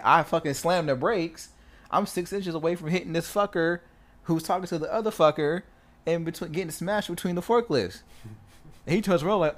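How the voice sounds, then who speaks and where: A man telling a story in casual chat, swearing freely and acting out the quotes loudly. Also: on the high side, fairly quick. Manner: animated, swears a lot, acts out quotes loudly.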